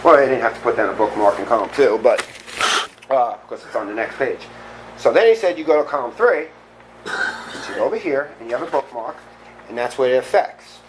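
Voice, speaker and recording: Animated man telling his story. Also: medium pitch, brisk, background noise. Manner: candid, animated storytelling with self-deprecating laughs. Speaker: recovery meeting speaker. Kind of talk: personal recovery talk.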